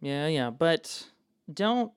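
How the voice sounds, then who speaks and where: A young man, a dungeon master co-hosting a podcast, talking in an animated, excitable casual chat and swearing freely. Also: a little high, very slow, smooth, dry recording, studio quality.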